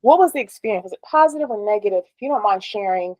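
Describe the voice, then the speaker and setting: A woman with a mid-range voice asks questions in a curious, chatty tone, softening them with little hedges. Her voice sounds dry and close to the mic. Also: medium pitch, expressive, fast, no echo, rough recording. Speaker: interviewer. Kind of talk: casual interview conversation.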